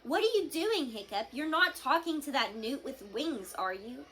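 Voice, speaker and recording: A woman voicing a sneering bully boy who taunts loudly in a storybook read-aloud. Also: fairly high pitch, moderate pace, a little hiss or hum.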